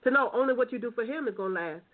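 High-voiced fervent woman preacher. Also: lively intonation, rapid-fire. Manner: fervent, exclaiming, Black church call-and-response. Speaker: apostle, co-host. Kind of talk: phone-line sermon dialogue. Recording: tinny phone line.

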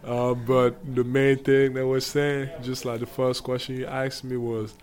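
A man with an African accent, answering interview questions casually and pausing often to find his words. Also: mid-range voice, level tone, a little mellow. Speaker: guest basketball player.

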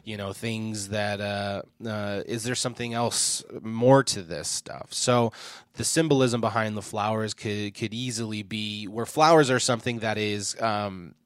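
A man's voice: lowish voice, steady tone, a little slow, clear, resonant tone, no room sound, clean studio sound. A man co-hosting a podcast in a casual film discussion, rambling and enthusiastic, with lots of "you know" and "like". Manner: enthusiastic, analytical. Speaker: podcast co-host.

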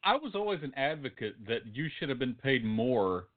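A man's voice: medium pitch, sing-song, fairly quick. Sleepy, dry-joking man on a tinny line. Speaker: podcast co-host. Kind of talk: casual comedic banter. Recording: tinny phone-like sound.

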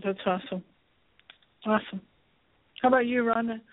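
A woman's voice: on the high side, steady tone, moderate pace. A woman hosting a spiritual talk show, speaking emphatically in a preaching cadence. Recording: tinny phone line, dry.

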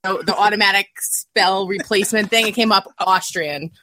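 A woman's voice: mid-range voice, normal speed, dry recording. A woman guest in a casual podcast chat, telling stories with frequent giggles. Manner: giggly, lively storyteller.

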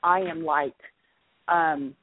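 A middle-aged woman author tells a personal story in a casual interview, acting out her own reactions as she goes. Her voice is low, steady in tone, and slow. The sound is dry and tinny, like a phone line.

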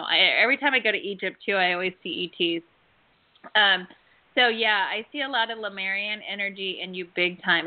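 A woman hosting a call-in show about past lives, telling stories in a chatty, earnest way with many fillers. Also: mid-range voice. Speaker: host and past-life healer. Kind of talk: call-in radio show talk. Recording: tinny phone line.

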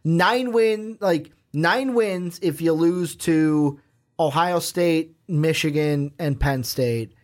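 Animated man co-hosting a sports podcast. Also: on the high side, slow. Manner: animated, joking, addresses viewers directly. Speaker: podcast co-host. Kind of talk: casual sports podcast chat.

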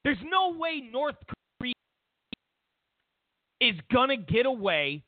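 A man's voice: very high-pitched, sing-song, slow, no echo. Emphatic man on a tinny line. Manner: emphatic, mocking, repeats himself. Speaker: host. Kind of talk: political commentary monologue. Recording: dry, tinny phone-like sound.

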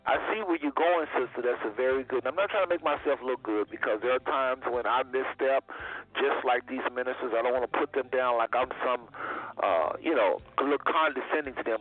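A man hosting a talk radio show, preaching earnestly and repeating himself for emphasis. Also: medium pitch. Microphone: phone call-in line. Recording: dry phone-line sound.

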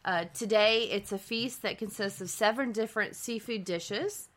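A female co-host shares researched details in a friendly, chatty manner, reading facts aloud between remarks. Her voice is bright, at a middle pitch. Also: normal speed. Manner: reads facts aloud, friendly back-and-forth. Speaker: nurse practitioner co-host. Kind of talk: conversational podcast talk.

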